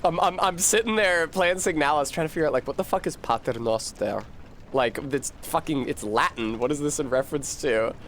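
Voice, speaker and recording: A little hiss or hum sits under this man's slightly high, somewhat bright voice as he talks fairly quickly. Streaming a game, he rambles casually through gameplay chat, swearing and laughing a lot.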